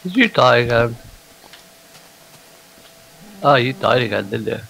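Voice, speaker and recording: A man's voice: medium pitch, animated, a little slow, vocal fry, a bit bright, slight background noise, rough recording. A man playing a game with a friend, teasing him dryly when he dies. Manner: dry teasing remarks. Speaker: gamer. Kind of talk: casual gaming chat.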